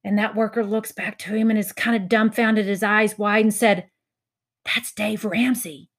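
A woman giving a motivational talk to educators, telling a story with lively acted-out quotes and laughter at her own punchlines. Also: medium pitch, normal speed. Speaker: education speaker.

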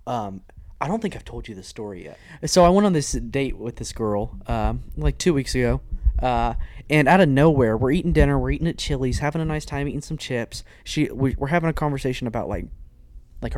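A young man tells a story on his podcast in a middle-pitched voice, caught dry and close on the mic. He is chatty and lively, and he slips into little acted voices for the people he quotes. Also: fairly quick, no echo. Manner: animated storyteller who acts out quoted voices. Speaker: podcast co-host. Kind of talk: casual storytelling chat.

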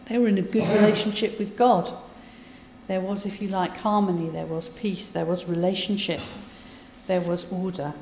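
A woman preaches in a relaxed, conversational way, retelling scripture and adding her own asides. Her voice is mellow and warm. It rings with long reverb across a large hall. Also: lowish voice, moderate pace, a little hiss or hum. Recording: echoey hall, voice from a distance.

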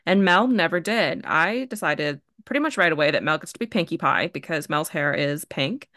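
A woman's voice: sits low, normal speed, pushed and bright, no echo, studio quality. A woman co-hosting a podcast, chiming in with jokey asides and frequent laughter in casual chat. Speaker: podcast co-host.

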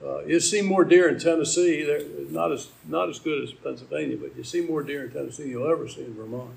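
A man's voice: on the high side, steady tone, quick pace, creaky, a little mellow, low-quality recording. An older man from Maryland preaching a sermon, telling a personal story and quoting scripture. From Maryland, USA. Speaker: pastor.

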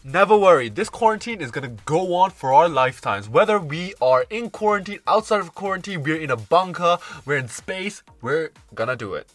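Young british guy joking around on a podcast, kinda high voice, swings up and down a lot. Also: sing-song, fairly quick, few pauses, fairly bright tone, no room sound, soft background music. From Britain. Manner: jokey, playful banter. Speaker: podcast co-host. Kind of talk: casual chat.

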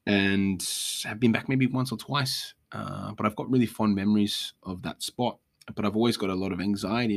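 A young Australian man talks through a casual solo podcast in a somewhat low voice. He rants bluntly, swearing freely as he goes. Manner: profane, blunt, ranting. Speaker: podcast host.

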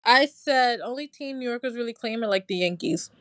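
A woman's voice: a little high, fairly quick, a bit bright, dry recording, studio quality. A woman co-hosting a casual podcast chat, talking in a chatty way full of "like" and "I mean" as she reasons things out. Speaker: podcast co-host.

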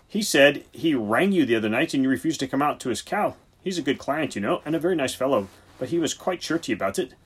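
Man doing an exasperated senior vet, husky, lively pitch, preachy, theatrical, audiobook. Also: fast. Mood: lecturing. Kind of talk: audiobook character voice.

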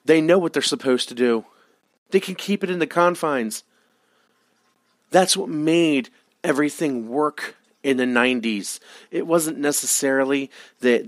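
A man with a medium-pitched voice hosts a solo wrestling podcast, recorded dry with a clean studio sound. He rants with heavy profanity and keeps making exasperated pleas.

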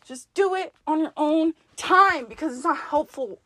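A woman's voice: sits high, normal speed, a bit bright, no echo. Blunt, profane woman giving herself a pep talk. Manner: talks to herself in second person. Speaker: podcast host. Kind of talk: self-directed pep talk monologue.

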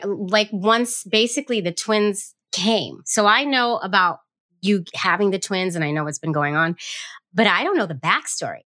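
A woman's voice: medium pitch, a bit bright, no room sound. A woman hosting a podcast, bubbly and effusive, talking close to the mic. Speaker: podcast host. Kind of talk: enthusiastic podcast interview.

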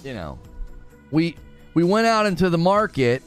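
A man's voice: on the high side, big pitch swings, moderate pace, clear, resonant tone, soft background music. A man hosting a live stream, reading chat aloud and ranting sarcastically about the news. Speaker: livestream host.

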